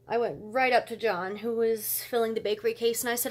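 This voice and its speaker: A woman's voice: a little high, steady tone, brisk, hardly any pauses. A woman vlogger telling a story as a casual rant, fired up and blunt, with cursing.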